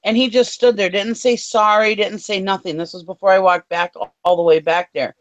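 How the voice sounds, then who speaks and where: Woman, mid-pitched, heated storyteller with plenty of cursing, casual chat. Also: steady tone, normal speed, rough recording. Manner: fired-up storytelling, swears freely. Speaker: co-host.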